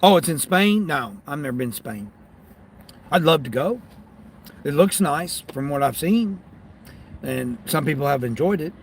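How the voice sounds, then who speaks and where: A man's voice: a little high, lively intonation, normal speed, pauses often, slight background noise. A man rambling casually on a livestream, talking to chat between delivery orders while he sits in his car. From United States. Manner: rambling, talks back to chat.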